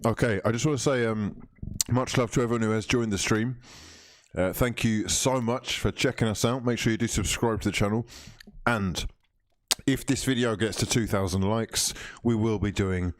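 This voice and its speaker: Dry-sounding, low-voiced man hosting a stream. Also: fairly even intonation, normal speed, dry recording. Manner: banters with chat, reads comments, teasing. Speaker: livestream host. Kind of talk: casual football watch-along chat.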